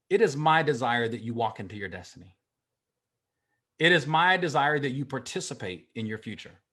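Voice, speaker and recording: A man giving a motivational speech, emphatic and repetitive, with sudden swings in pitch and loudness. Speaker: motivational speaker.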